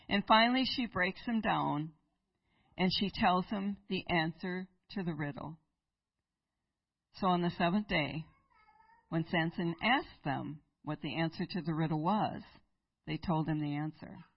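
A woman's voice: fairly low pitch, unhurried, breathy edge, no room sound, recorded from a distance, muffled recording. A woman preaching in church, retelling a Bible story and asking her listeners rhetorical questions. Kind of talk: sermon.

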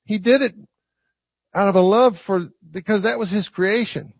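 A man delivers a conversational sermon in a high, gravelly, husky voice, throwing "right?" back at the congregation at a moderate pace. The recording is dry and dull with no echo, like a lo-fi church tape.

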